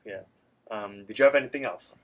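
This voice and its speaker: A man's voice: fairly low pitch, a little fast, a bit bright. A man co-hosting a casual podcast, recapping a cartoon episode in a rambling, filler-heavy way and acting out character lines. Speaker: podcast co-host.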